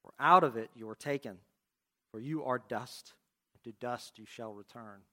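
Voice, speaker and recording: A man preaching a sermon, reading scripture aloud and asking the congregation questions in an expressive way. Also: medium pitch, moderate pace. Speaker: pastor.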